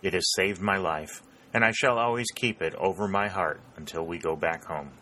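A man voicing a bookish young soldier who talks in a wry, deliberate, mock-formal way. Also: sits low, pushed and bright, a little hiss or hum.

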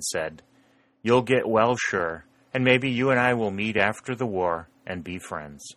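A man reading a historical novel aloud as an audiobook narrator, in a measured storytelling delivery. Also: lowish voice, fairly bright tone, dry recording.

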